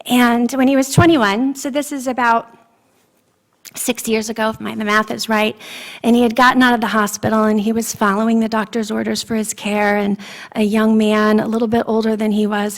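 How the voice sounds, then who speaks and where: A woman preaching a sermon in a church, sharing personal testimony in an earnest, emotional way. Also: fairly high pitch. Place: church sanctuary.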